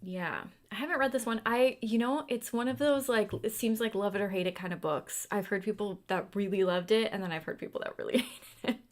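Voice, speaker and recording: A chatty young woman talks casually while carving a pumpkin. She muses out loud about books and drifts now and then into soft, quiet asides. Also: mid-range voice, brisk. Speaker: booktuber.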